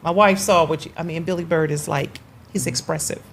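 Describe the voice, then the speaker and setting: A woman chatting on a talk show about her husband, lively and teasing. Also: low voice, brisk, slight background noise. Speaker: guest wife. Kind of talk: casual chat.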